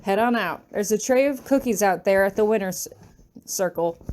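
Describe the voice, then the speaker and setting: A woman's voice: medium pitch, moderate pace, darkish tone, natural voice. A woman voicing an upbeat young male magic teacher who encourages his student in an audiobook reading. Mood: encouraging.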